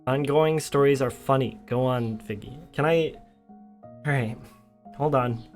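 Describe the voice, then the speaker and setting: Young guy streaming, laughs a lot while telling stories, chats with his viewers, normal-pitched voice, bit of music behind him. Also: unhurried. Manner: laughing storyteller, reacts to chat. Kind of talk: casual livestream chat.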